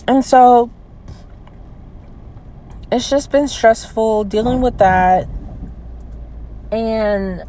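A woman in her early twenties venting in a personal vlog. She talks hesitantly, with many fillers and trailing restarts, and sounds low and close to tears. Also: very slow, pauses often, mellow, slight background noise, low-quality recording. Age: 20s. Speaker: vlogger.

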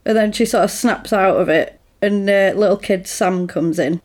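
A woman's voice: mid-range voice, moderate pace, a little mellow. A woman in casual chat, rambling through a film plot with lots of "like" and "sort of".

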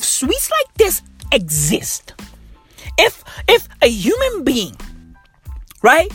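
A man's voice: very high-pitched, huge pitch swings, very slow, pauses often, a bit bright, faint music behind. A man ranting casually and profanely, rambling and repeating himself. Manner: rambling, repetitive, heavy swearing. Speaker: vlogger.

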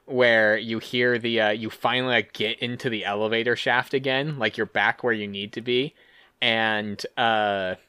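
A male podcast co-host thinks aloud in casual chat, often pausing as he searches for words. His voice is bright, and the recording is dry and close. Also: lowish voice, fairly even intonation, smooth, no echo.

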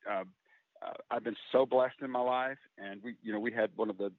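A man's voice: mid-range voice, steady tone, no room sound. Earnest middle-aged man on a phone line. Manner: open, earnest, halting. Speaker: guest, country singer. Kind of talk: candid interview talk. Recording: tinny phone-like line, dry.

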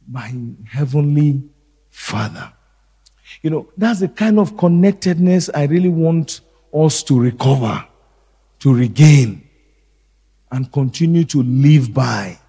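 A middle-aged male pastor preaching a sermon slowly and deliberately, repeating key phrases. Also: a little high, warm tone, slightly rough, long reverb tail.

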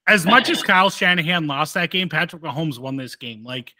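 A man's voice: fairly high pitch, animated, fairly quick, sharp tone, dry recording. A man co-hosting a casual sports podcast who tells jokey bits and curses now and then. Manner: joking, storytelling, swears. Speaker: podcast co-host.

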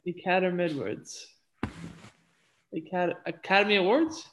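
A woman's voice: fairly low pitch, measured pace, slight background noise, low-quality recording. A woman guesting on a casual podcast chat, laid-back and a bit hesitant.

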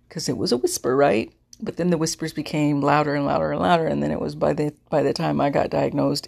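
Low raspy-edged woman host, earnest casual podcast chat, lots of um and repeats. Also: darkish tone. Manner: earnest, repeats herself, trails off with fillers. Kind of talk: casual informational podcast talk.

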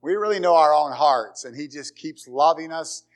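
A man preaches to his congregation in a church, his voice sitting a little high for a man. He talks conversationally and builds his points through repeated phrases and dramatic pauses. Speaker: pastor. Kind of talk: sermon. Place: church sanctuary.

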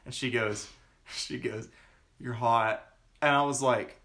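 A man's voice: mid-range voice, steady tone, slow, fairly bright tone. A young man from the Southern United States casually telling funny workplace stories, laughing often and imitating coworkers. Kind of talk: casual storytelling chat.

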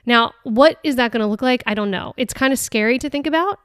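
A fairly high-voiced woman talks through a book on her podcast in a casual, earnest way. She stops and restarts often and leans on filler words. Her voice sounds smooth and close, with a dry, unechoing sound. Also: a little fast, dry recording. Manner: hesitant, many restarts and "like" fillers; earnest and chatty. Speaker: podcast host. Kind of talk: casual reflective talk on a book.

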